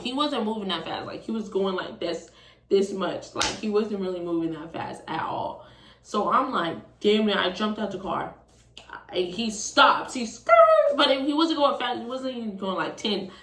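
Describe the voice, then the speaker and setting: A young woman in her twenties telling a storytime, casual and animated, swearing often. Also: medium pitch, moderate pace, a little hiss or hum. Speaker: vlogger. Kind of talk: storytime vlog. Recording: roomy, distant from the mic.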